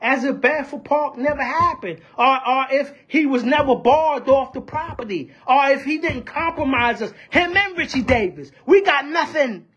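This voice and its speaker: A woman's voice: high-pitched, expressive, moderate pace, hardly any pauses, fairly bright tone, muffled recording. A woman speaking out fiercely about union politics, piling up rhetorical questions and repeating her points. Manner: fiery, repetitive, rhetorical questions. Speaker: union member. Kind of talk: impassioned union-politics rant.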